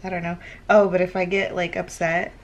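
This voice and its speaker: A woman's voice: on the low side, little pitch movement, brisk, lo-fi sound, slight background noise. A woman with a Southern American accent, chatting casually and swearing freely while she gets ready at home. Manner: chatty, swearing, rambling with fillers. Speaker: vlogger. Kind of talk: casual chat.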